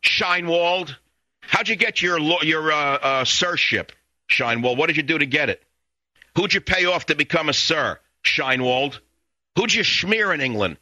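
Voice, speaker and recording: An older man in his sixties hosts a talk radio show, hurling indignant, taunting insults again and again. His voice is very bright and hard-edged. The studio sound is close and dry. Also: fairly high pitch, expressive, a little slow, dry recording. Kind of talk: angry radio monologue. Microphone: studio microphone.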